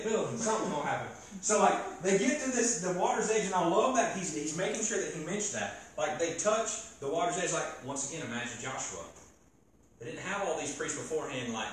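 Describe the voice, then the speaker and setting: An animated man preaching a casual sermon and joking with his listeners. His voice sits fairly high and is picked up from a distance. A big, echoey hall with a faint hiss surrounds him. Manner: animated, joking, talks to the crowd. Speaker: youth preacher. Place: church gathering hall.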